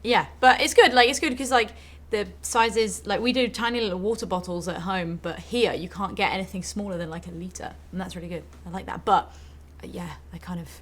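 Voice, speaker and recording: A woman's voice: medium pitch, fairly quick, few pauses, a bit bright. A young British woman in a band, chatting about food abroad with many likes and ums. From United Kingdom. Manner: chatty, hesitant, lots of fillers. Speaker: band member. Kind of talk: casual anecdote.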